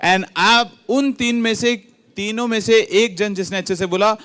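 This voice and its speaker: A high, steady, slightly bright male voice with a clean tone comes out rapid-fire. The speaker is a lively emcee hosting a quiz at a ceremony in a large hall, teasingly testing teachers with tongue twisters while playfully switching between Hindi and English.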